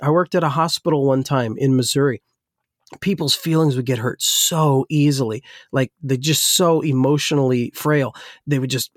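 New Jersey-raised pastor, dry close sound. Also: male voice, medium pitch, normal speed, dry recording. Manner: rambling, with many restarts. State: slightly weak voice. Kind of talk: casual discussion.

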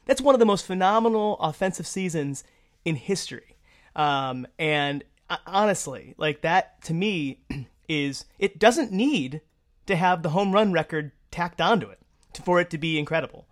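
A woman's voice: on the low side, expressive, normal speed. A woman co-hosting a sports podcast, ranting casually with lots of fillers and restarts. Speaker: podcast co-host.

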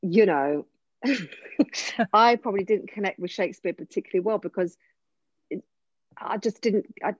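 A woman from Essex with an Essex accent, an actor and voice coach chatting casually, animated and often breaking off mid-sentence. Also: medium pitch, moderate pace, pauses often, slightly rough, no echo, muffled recording. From Essex, England. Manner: animated, self-interrupting, laughing storyteller. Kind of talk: casual conversation.

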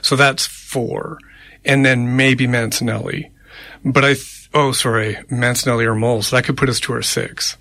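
Gravelly-voiced man chatting on local radio. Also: medium pitch, little pitch movement, normal speed, bright, forceful tone, slight background noise. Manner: conversational, rambling, tallies names aloud. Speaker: radio show co-host. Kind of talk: casual political chat. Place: radio studio. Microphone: studio microphone.

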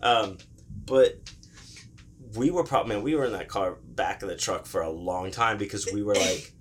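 A man's voice: fairly low pitch, moderate pace. A young man casually telling a profane story, loosely acting out the voices of the people in it.

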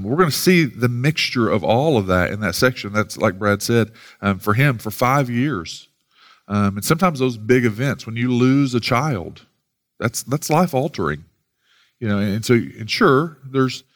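Man preaching a casual, rambling sermon. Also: on the low side. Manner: casual, rambling delivery with many fillers and restarts. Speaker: pastor.

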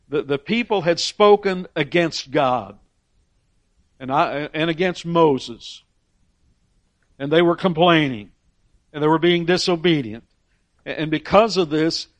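A man's voice: fairly high pitch, takes it slowly, pauses often, no echo. A man preaching a sermon with emphatic rises on key phrases and frequent repeated words as he restarts. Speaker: pastor.

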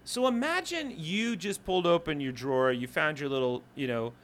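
A man's voice: a little high, moderate pace. A man co-hosting a podcast in casual comedic chat. His voice rises and falls a lot as he tells stories, jokes around and swears now and then. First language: English. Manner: animated, jokey storytelling with profanity. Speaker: podcast co-host.

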